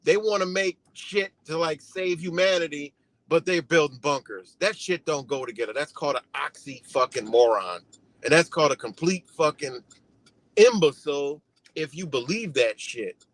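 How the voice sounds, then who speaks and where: A man's voice: a little high, normal speed. A man hosting a live stream, ranting in a heated, profane, repetitive way. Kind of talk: ranting commentary.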